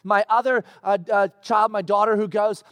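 High-voiced pastor telling a story. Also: male voice, moderate pace, no echo, clean studio sound. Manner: animated storytelling with acted-out quotes. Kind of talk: sermon. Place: church.

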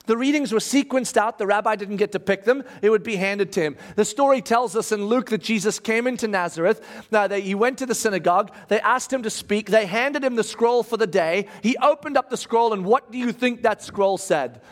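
A man preaching a sermon, telling a story in a lively, conversational way. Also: high voice, fairly quick. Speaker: pastor.

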